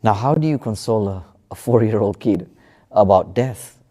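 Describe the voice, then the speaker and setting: A man recounts a story in casual conversation, his voice pitched low and mellow. He talks haltingly, with many fillers and restarts. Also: animated. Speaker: podcast guest.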